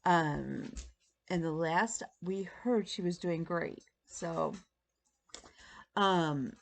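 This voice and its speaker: A woman's voice: fairly low pitch, very slow, vocal fry, slight background noise. A woman in her thirties chatting casually to camera as a stitching vlog host, rambling with many ums and restarts. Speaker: flosstube host.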